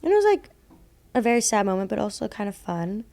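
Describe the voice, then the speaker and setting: A woman's voice: mid-range voice, very animated, fast, vocal fry, a little mellow. A young woman co-hosting a podcast, telling a story in a rambling casual way, full of fillers and laughing at herself. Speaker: podcast co-host telling ghost stories.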